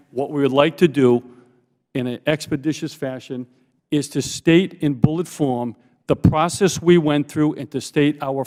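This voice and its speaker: A man giving formal testimony as a forensic investigator, emphatic and deliberate, repeating key points slowly for stress. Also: medium pitch, a little mellow. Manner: emphatic, slow repetitions for stress. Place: congressional hearing room. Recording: long reverb in a hearing room.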